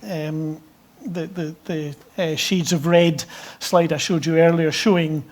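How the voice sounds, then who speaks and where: A man's voice: fairly high pitch, steady tone, slow. Hesitant Scottish man presenting to experts. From Scotland. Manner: hesitant, many restarts and fillers. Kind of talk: conference presentation.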